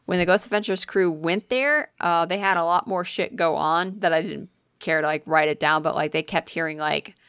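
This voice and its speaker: A woman co-hosting a casual podcast, excitedly retelling a ghost-hunting episode with lots of fillers and swearing. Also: lowish voice, normal speed, smooth, dry recording, clean studio sound. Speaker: podcast co-host. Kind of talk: casual podcast chat, storytelling.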